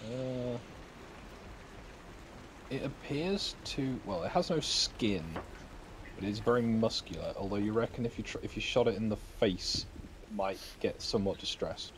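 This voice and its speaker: Man, game master, dry, matter-of-fact, lively pitch. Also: normal speed, long pauses, slight background noise. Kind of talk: narrating a tabletop game.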